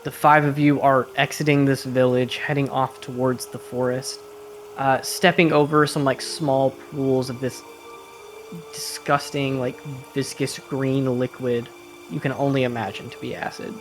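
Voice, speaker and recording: A man running a tabletop game, narrating scenes in a relaxed way with casual fillers. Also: medium pitch, unhurried, a little hiss or hum. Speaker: game master.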